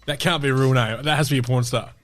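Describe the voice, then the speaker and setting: An Australian man co-hosting a radio show, reacting with quick jokes in casual banter. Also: medium pitch, fairly even intonation, dry recording, faint music behind.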